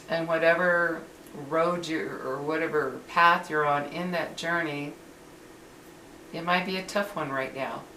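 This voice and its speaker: A woman's voice: low voice, a bit bright. An older woman talking earnestly to camera from her living room, rambling with frequent restarts. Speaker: vlogger. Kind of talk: casual motivational talk to camera. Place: home living room, indoors. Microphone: built-in camera mic. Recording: roomy and distant with faint hiss.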